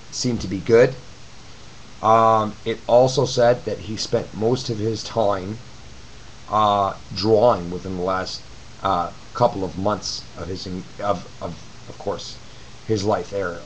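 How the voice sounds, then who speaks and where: A man's voice: on the low side, a little hiss or hum, rough recording. A man giving a blunt, profane, rambling webcam rant to his viewers from his apartment. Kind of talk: ranting webcam video reply. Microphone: camcorder mic.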